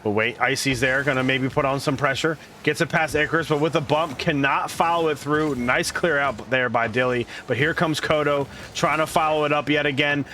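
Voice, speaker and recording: Bright, excitable male esports caster. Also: on the high side, fairly quick, few pauses, a little hiss or hum. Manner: excitable, laughs often, rambling asides. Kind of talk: live esports play-by-play commentary.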